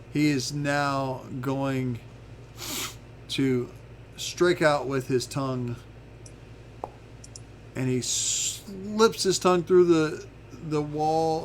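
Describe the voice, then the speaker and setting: A man narrating a tabletop game as game master, halting now and then with fillers as he describes the action. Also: a little high, slight background noise.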